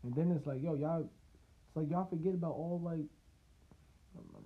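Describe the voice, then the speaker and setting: A man's voice: on the high side, normal speed. Male podcast host, casual profane rambler, phone-quality audio. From United States. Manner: loose, profane and rambling, with laughs and restarts. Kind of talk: casual solo podcast rant. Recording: tinny phone-like line.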